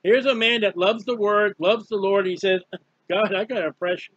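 A man's voice: sits high, normal speed, a bit bright, no room sound. A man preaching a fervent, emphatic Bible study sermon, repeating key phrases. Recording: dull lo-fi dry recording.

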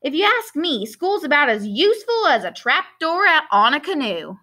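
A woman with a Southern accent reading the lines of an easygoing older homeless man aloud from a novel to a class, in a relaxed, drawling way. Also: high voice, moderate pace, pitched above the performer's own voice, heavily acted.

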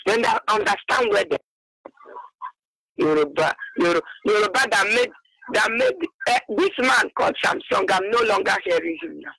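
A woman calls in to a radio show. Her voice is gravelly and bright, with a sharp edge. The sound is dry and close. She speaks in a hurried, halting way with many restarts. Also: mid-range voice, expressive, dry recording, rough recording. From Abakaliki, Nigeria. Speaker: caller. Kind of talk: phone-in call.

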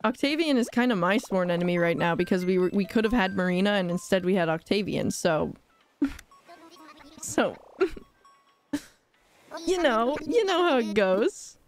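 A young woman chats her way through a live game stream, bubbly and quick to giggle, rambling as she reacts to chat. Her voice sits at an everyday middle pitch. Faint game music plays underneath. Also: expressive.

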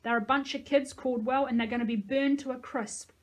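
A stern, bossy woman officer who scolds and yells at everyone , as a woman reading a story voices her. Her voice sits high and pushes hard. It sounds like a storybook read aloud. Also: fairly even intonation, fairly quick, lightly acted. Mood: scolding. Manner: scolding, yelling.

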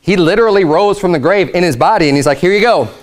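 High-voiced emphatic preaching man. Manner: emphatic, explanatory, slows for scripture reading. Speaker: pastor. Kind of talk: conversational sermon.

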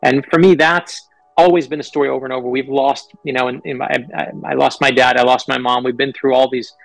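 Gravelly-voiced man telling his story. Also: medium pitch, fairly quick, dry recording, soft background music, low-quality recording. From New York. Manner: earnest, animated storyteller, quotes people in his stories. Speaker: author guest. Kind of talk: interview storytelling.

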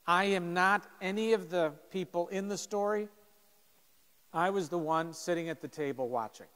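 A man's voice: a little high, a bit bright, long reverb tail. A man in his fifties, a pastor telling a story to teenagers in short, punchy phrases, acting out the people in it. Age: 50s.

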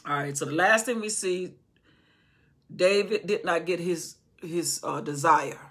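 A woman's voice: low voice, slightly rough. A woman teaching an informal Bible study indoors, talking conversationally with rhetorical questions and frequent restarts. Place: indoor room with candles.

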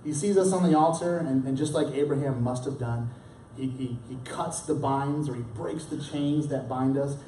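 A young or middle-aged pastor preaches in a church at medium pitch and normal speed, his tone warm with a slight hiss or hum. His sermon is conversational, full of restarts and dramatically acted lines from the story. The distant mic picks up the roomy church hall.

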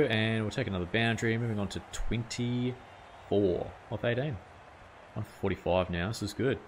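A man's voice: lowish voice, noisy background. A man hosting his gaming channel, casually talking through his play, reading out scores and swearing or exclaiming at big moments. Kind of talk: casual video game commentary.

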